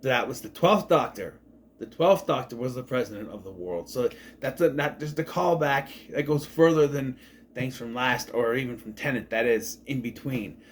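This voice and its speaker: A man talks through a television review in a loose, chatty way, with his pitch jumping up and down. He circles back and corrects himself as he goes. A faint hiss sits under his voice. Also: animated, moderate pace. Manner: rambling and enthusiastic, often correcting himself. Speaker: TV show reviewer. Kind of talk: casual spoken review.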